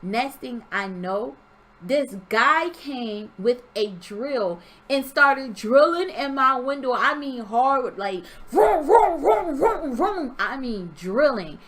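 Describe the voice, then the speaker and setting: A young woman telling a story from her dream in an animated, expressive way, acting out sounds. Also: on the high side, takes it slowly, a little hiss or hum. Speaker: vlogger. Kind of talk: storytelling vlog.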